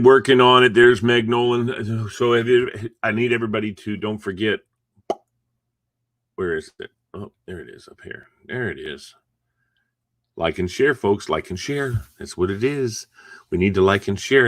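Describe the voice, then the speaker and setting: A man's voice: fairly low pitch, normal speed, fairly bright tone, dry recording, studio quality. A middle-aged man chatting casually and rambling as he hosts a morning live stream from home; he sounds sleepy and yawns between thoughts. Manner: rambling, chatty, yawning, chuckling asides. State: sleepy, just woke up. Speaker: host of a morning encouragement livestream.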